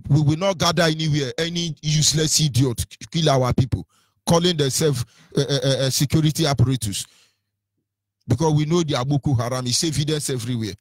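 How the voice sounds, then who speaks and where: A man's voice: on the high side, fairly quick, no room sound. A Nigerian-accented man presenting on radio in a combative, taunting rant, hurling insults with sing-song lilts.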